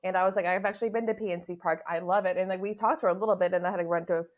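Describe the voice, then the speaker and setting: A woman co-hosting a casual podcast, bubbly and animated, with lots of "like" as she tells stories. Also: on the low side, very fast. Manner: bubbly, animated storyteller, says "like" often. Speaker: podcast co-host.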